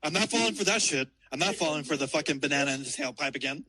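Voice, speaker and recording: A man's voice: a little high, expressive, rapid-fire, crowd noise, poor audio. A man calling in from outdoors downtown, telling a rambling, profane story with frequent laughter. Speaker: caller. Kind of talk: casual storytelling.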